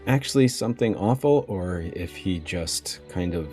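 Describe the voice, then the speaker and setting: A man's voice: deep voice, lively intonation, normal speed, music in the background. A man reading game text aloud and adding loose, chatty asides about its lore.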